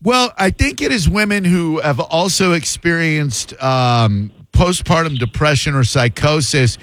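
A man hosting a call-in talk radio show, quick and wry, voicing firm opinions. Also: a little high, expressive, fairly bright tone. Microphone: studio microphone.

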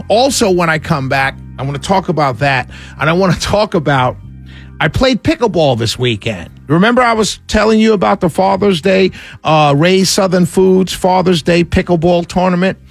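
A man's voice: high-pitched, expressive, moderate pace, creaky, no echo, faint music behind. A man hosting a talk radio show, chatting with callers and rambling animatedly between topics.

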